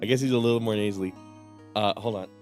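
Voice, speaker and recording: A man's voice: fairly low pitch, fairly even intonation, fast talker, darkish tone, faint music behind. A man streaming a game live, chatting casually with profane, laughing asides. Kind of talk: casual live gaming commentary.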